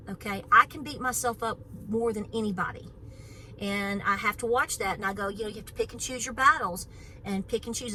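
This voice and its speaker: A woman's voice: on the high side, sharp tone, a little hiss or hum, poor audio. A middle-aged woman from Knoxville with an East Tennessee Southern accent, chatting casually and outspokenly to camera as host of her homestead channel. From Knoxville, Tennessee, USA. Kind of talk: casual vlog chat to camera. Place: on her farm, about to go for a run.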